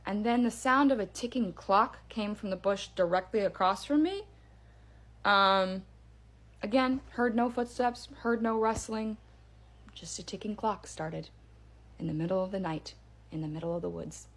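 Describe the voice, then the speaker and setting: A woman casually telling a true scary story about a night in her parents' backyard, with lots of fillers and vivid, animated retelling. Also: medium pitch, moderate pace. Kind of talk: casual first-person ghost story.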